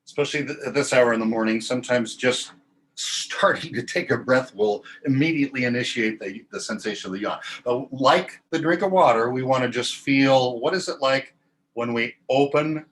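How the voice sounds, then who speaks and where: A man teaching a choir warm-up, talking through breathing and vowel sounds and demonstrating them in calm, instructive speech. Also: mid-range voice, a little hiss or hum. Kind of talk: guided vocal warm-up lesson.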